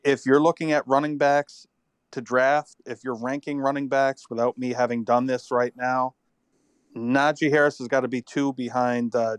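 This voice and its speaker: A man's voice: mid-range voice, smooth, dry recording. A man co-hosting a casual football podcast, rambling and thinking aloud, tired after an illness. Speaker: podcast co-host. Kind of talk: casual sports chat.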